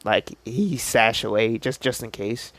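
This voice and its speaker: A man's voice: fairly low pitch, a little slow, fairly bright tone, no echo. A man casually narrating an improvised fan story, rambling and self-deprecating.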